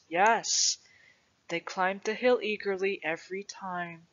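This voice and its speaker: A reader voicing an old grandfather who tells a legend to his grandson in a patient, gentle way. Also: mid-range voice. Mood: fond. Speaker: storyteller. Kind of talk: storybook reading. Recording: dull lo-fi recording.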